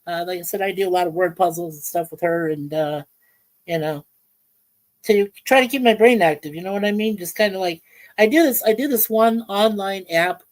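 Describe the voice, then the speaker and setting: A woman's voice: mid-range voice, poor audio. Rambling woman hosting a livestream. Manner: rambling, halting, many fillers, greets chat by name. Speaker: livestream host. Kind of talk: casual livestream chat. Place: home in Ontario, Canada.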